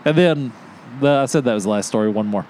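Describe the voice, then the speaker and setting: A man on a podcast telling a hunting story in casual chat, animated and laughing often as he acts out what people said. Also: mid-range voice, fast talker, slight background noise. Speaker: podcast host.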